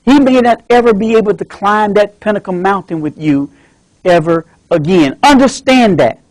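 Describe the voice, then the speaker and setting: A man's voice: high-pitched, normal speed, a little mellow, no room sound, voice pushed up, lightly acted, rough recording. A man voicing a frank doctor breaking hard news to a patient's son, sober and matter-of-fact. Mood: somber. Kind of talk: acted scene in a club speech.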